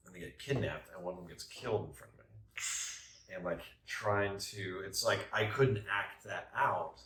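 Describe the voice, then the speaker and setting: A man in a casual roundtable chat about tabletop games, speaking thoughtfully and haltingly. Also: low voice, pushed and bright, slight background noise. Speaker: tabletop game player. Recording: roomy, distant mic.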